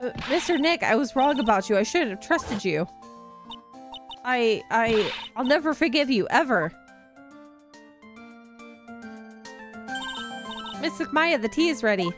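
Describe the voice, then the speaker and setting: Woman putting on a shy little girl voice, stammering, high-pitched, music behind. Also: animated, moderate pace, natural voice. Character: timid little girl, polite and easily upset.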